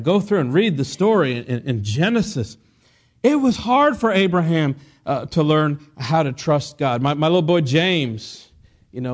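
High-voiced male pastor preaching. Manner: preaching with call-and-response questions and joking asides. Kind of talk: sermon.

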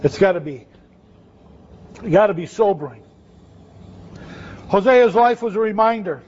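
Preaching in a conversational style, a man asks his audience questions at a measured pace. His high voice is expressive with a darkish tone, and the dull audio carries a little hiss or hum.

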